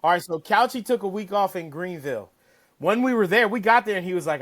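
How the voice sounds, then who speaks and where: Male interview guest with a somewhat high voice, telling casual stories with animated, profane delivery. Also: fast. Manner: animated, profane, acts out quotes. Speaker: caddie-turned-broadcaster guest. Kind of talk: casual storytelling.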